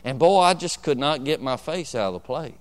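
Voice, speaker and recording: A man's voice: on the high side, animated, a little fast, smooth. A man pastor preaching a sermon, telling a personal story and calling out to the congregation for agreement.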